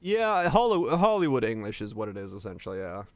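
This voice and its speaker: A man's voice: medium pitch, sing-song, fairly quick, no echo. A streamer from Finland with an American accent carrying slight Southern touches, rambling casually as he answers chat.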